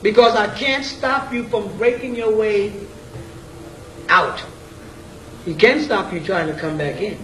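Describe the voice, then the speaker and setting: A man's voice: sits high, a little slow, pauses often, a bit bright. A man giving an informal lecture to a group, blunt and casual, constantly checking in with questions like "you know what I'm saying?". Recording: echoey room, mic at a distance, faint ambient noise.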